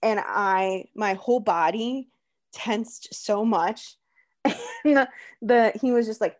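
A young woman in casual chat, telling stories in a chatty, animated way with lots of fillers. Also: fairly high pitch, a little slow. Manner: chatty, animated storytelling with many "like"s.

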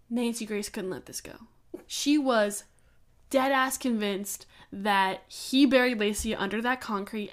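Her voice is a little high and fairly bright as she co-hosts a true-crime podcast. The young woman speaks casually with firm opinions, laughing regularly and swearing along the way.

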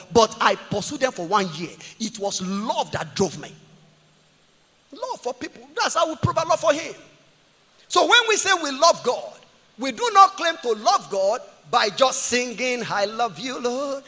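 A man preaching a sermon as a pastor, impassioned, swinging between shouts and quiet asides. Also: very high voice, husky, long reverb tail. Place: church.

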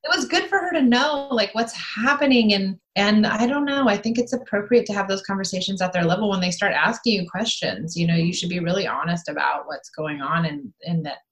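A woman in her thirties talks openly in a relaxed chat, her voice at an ordinary middle pitch. She tells stories with animated, candid energy and laughs easily. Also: fairly quick, hardly any pauses, poor audio. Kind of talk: casual chat.

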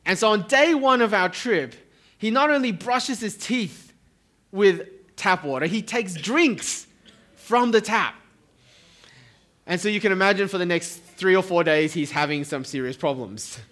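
A man's voice: high voice, lively intonation, unhurried, fairly bright tone. A middle-aged man preaching a sermon to a church congregation, with a conversational tone and joking asides. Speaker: pastor. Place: church hall.

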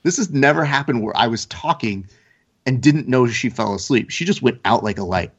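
A man co-hosting a casual podcast, telling stories in a relaxed, laid-back way. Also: mid-range voice, normal speed, breathy edge. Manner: laid-back storyteller, mimics others with a put-on accent. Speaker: podcast co-host. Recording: slightly dull lo-fi audio.

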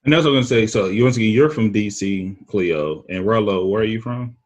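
A man with an East Texas accent hosting a casual chat, talking slowly in a laid-back drawl. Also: fairly low pitch. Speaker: podcast host.

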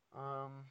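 A man's voice: bright, forceful tone, dry recording. A man ranting casually to his listeners about his job, rambling and swearing a lot. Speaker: seasonal mall Santa photo worker. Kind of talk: casual profane rant to listeners. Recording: dull, dry lo-fi recording.

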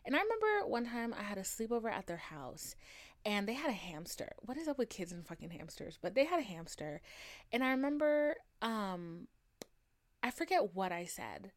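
A woman's voice: medium pitch, big pitch swings, moderate pace. A young American woman with a slight Southern twang, telling a personal story on her podcast in a chatty, swearing, filler-heavy way. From United States. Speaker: podcast host. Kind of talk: casual storytelling monologue.

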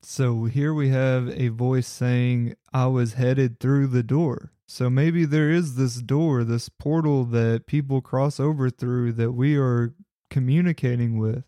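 A man's voice: medium pitch, steady tone, slow, warm tone, no echo, studio quality. A man narrating his own paranormal recordings, earnest and speculative, in a casual voice-over. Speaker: paranormal investigator.

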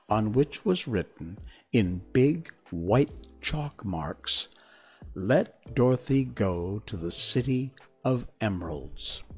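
A man reading a children's classic aloud on a stream, then chatting with viewers in an unhurried, wry way. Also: fairly low pitch, a little mellow, husky. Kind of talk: storybook narration and casual stream chat.

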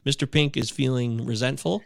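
A man's voice: medium pitch, a little fast, creaky, no echo, clean studio sound. A man hosting a casual podcast, joking with his co-hosts and reading listener emails aloud, stumbling over words now and then. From Michigan. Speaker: podcast host.

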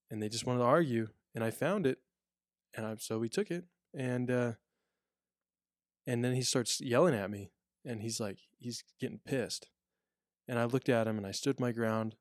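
A man's voice: medium pitch, no room sound, studio quality. A man who works as a prison officer, telling stories in a casual podcast chat with lots of restarts and fillers. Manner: rambling storyteller, many restarts and fillers.

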